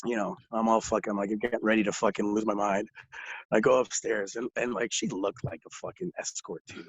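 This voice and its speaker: A man's voice: fairly low pitch, fairly quick, slightly rough, dry recording. A young man from Ontario, a podcast guest telling profane, laughing stories in casual talk. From Ontario, Canada. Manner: profane, laughing, animated storyteller. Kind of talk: casual storytelling. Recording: dull lo-fi recording, dry.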